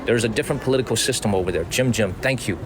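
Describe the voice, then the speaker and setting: A man's voice: mid-range voice, racing. A man from the United States hosting a live-streamed walking tour outdoors, chatting to viewers, thanking them by name and repeating his points. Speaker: livestream tour host. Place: outdoors at a historic residence. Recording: outdoor street noise.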